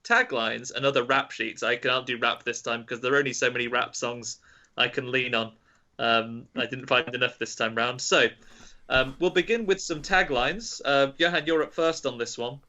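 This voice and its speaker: Man, podcast quiz host, slow clue reading, teasing hints, dull video-call sound. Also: mid-range voice, steady tone, bright, forceful tone. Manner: reads clues slowly, teasing hints. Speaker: quiz master. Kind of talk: casual podcast quiz hosting.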